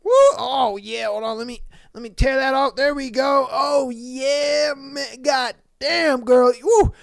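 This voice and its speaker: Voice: high-pitched, slow, creaky, no room sound, voice pushed up, heavily acted. A podcaster voicing a drunk man at a strip club, whooping and hollering as he writes checks. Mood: rowdy excited.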